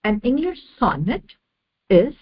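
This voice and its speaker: A woman giving an online lecture over slides, measured and repeating each definition step by step. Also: a little high, sing-song, husky, lo-fi sound.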